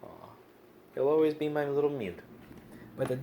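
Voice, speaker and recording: A man's voice: on the high side, normal speed, mellow, slight background noise. A man casually introducing his pet kitten on a vlog, coaxing his cats in a sing-song way.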